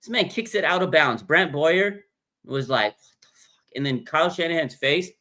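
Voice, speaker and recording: A man's voice: on the high side, expressive, normal speed, bright, forceful tone. A man hosting a casual fan livestream, talking bluntly and with animation, reading viewer comments aloud and reacting to them. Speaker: livestream host.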